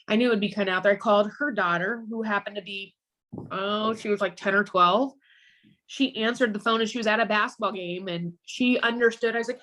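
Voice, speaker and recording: Guest mother, woman, halting and emotional, lots of restarts. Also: mid-range voice, a bit bright. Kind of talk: emotional personal storytelling.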